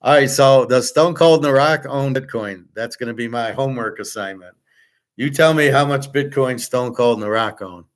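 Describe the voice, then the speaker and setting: A man's voice: mid-range voice, moderate pace. A man hosting a livestream, ranting and reading chat comments in a profane, sarcastic, combative way. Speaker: host.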